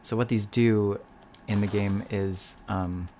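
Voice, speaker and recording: A man's voice: on the low side, steady tone, slow pace, mellow. A man streaming a casual game playthrough, chatty and joking, reacting aloud as he plays. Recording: noisy stream audio.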